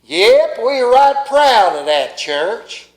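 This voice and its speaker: A man voicing a proud small-town male cashier with a slow, deep southern drawl. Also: very animated, echoey room, heavily acted, poor audio.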